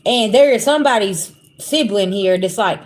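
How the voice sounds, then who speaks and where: At a normal pace, a woman with a mid-range voice gives a casual spiritual reading on a livestream, speaking bluntly and with profanity directly to her viewers.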